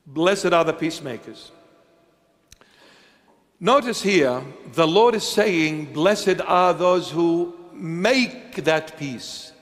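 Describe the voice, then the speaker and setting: High-voiced slow preaching man in a reverberant church. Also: expressive. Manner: slow, emphatic, rhetorical questions, swings between hushed and loud. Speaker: bishop preaching. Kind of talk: sermon.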